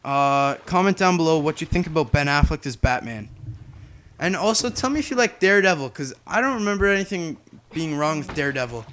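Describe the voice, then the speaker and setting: A man's voice: fairly high pitch, lively intonation, fairly quick, a bit bright. A young man giving casual, chatty gameplay commentary as a YouTuber, humming and drifting off topic. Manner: chatty, distracted, hums to himself. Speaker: gaming YouTuber.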